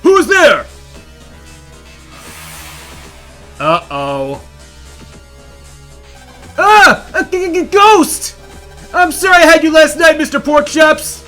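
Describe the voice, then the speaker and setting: A man's voice: extremely high pitch, very animated, slow pace, long pauses, bright, forceful tone, faint music behind, full character voice. A man doing a blustering burly schoolboy. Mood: panicked. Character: hot-headed burly schoolboy, lonely underneath.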